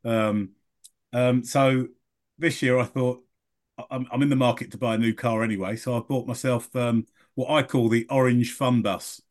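A man's voice: mid-range voice, fairly even intonation, normal speed. A middle-aged man chats as a guest on a podcast. He tells a rambling story and corrects himself along the way. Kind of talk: casual podcast chat.

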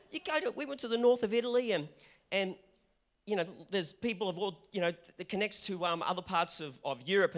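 An Australian man, a middle-aged pastor, preaching a passionate, animated sermon with frequent restarts. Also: high-pitched.

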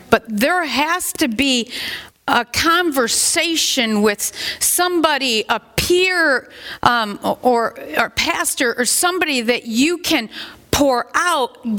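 A woman's voice: sits high, animated, slow, sharp tone. A middle-aged woman pastor giving a sermon in a conversational, rambling way, with asides that rise into emphatic questions.

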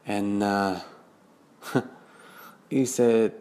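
A man's voice: lowish voice, normal speed, a bit bright. A man telling a first-person story in a wry, confiding way. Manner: wry, confiding, acts out other voices in quotes.

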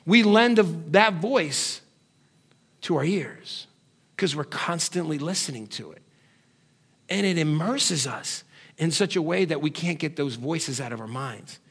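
A man preaching a sermon, firing rhetorical questions at the congregation and swinging from loud calls to quiet, low asides, now and then putting on nagging family voices for laughs. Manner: puts on nagging family voices for comic effect. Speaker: pastor.

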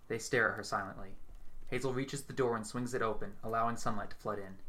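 A man reading a horror story aloud in a steady, measured storytelling voice. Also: fairly low pitch. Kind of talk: dramatic horror story narration.

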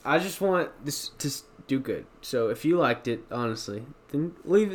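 A man's voice: mid-range voice, expressive, moderate pace. A man hosting a casual solo review podcast, talking in a rambling, self-correcting, chatty way. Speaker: podcast host.

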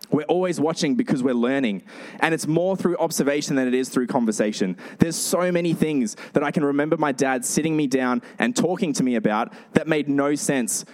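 A male pastor giving a sermon, telling lively stories with animated delivery. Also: mid-range voice. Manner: storytelling, animated.

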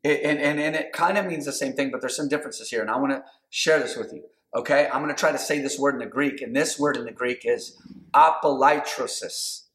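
A man preaching a sermon, building to shouted calls and asking the congregation to respond. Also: medium pitch, quick pace, few pauses. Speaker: pastor. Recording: roomy echo.

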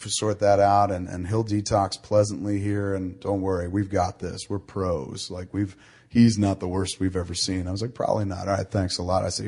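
A middle-aged man hosting a casual talk show, telling a long anecdote with a fairly low voice. He swears often and animates the story by quoting the people in it. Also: a little mellow, slightly rough. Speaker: podcast host.

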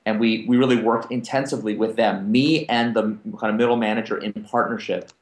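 A man speaking on a conference panel, telling business anecdotes and acting out the other people's lines in lively back-and-forth. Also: lowish voice, brisk, reverberant. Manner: animated, acts out quoted dialogue. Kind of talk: anecdotal storytelling to an audience.

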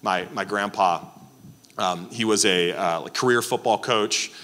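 A man's voice: fairly low pitch, a little slow, a bit bright, big-room sound. A man preaching a Sunday sermon as a pastor, talking in a loose, conversational way with many fillers and restarts.

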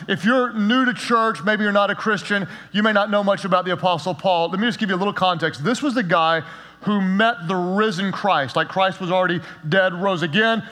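A male pastor preaching a sermon in an energetic, emphatic way, with a light joking touch, in a church sanctuary. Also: sits high. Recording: long reverb of a large hall.

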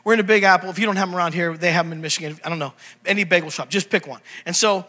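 Animated high-voiced preacher man. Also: very fast. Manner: animated, jokey, quizzes the congregation. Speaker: pastor. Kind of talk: humorous sermon.

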